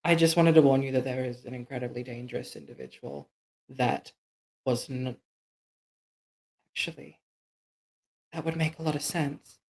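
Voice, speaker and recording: A man playing a character in a tabletop game, speaking hesitantly and haltingly. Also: mid-range voice, fairly even intonation, creaky, darkish tone, low-quality recording. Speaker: player.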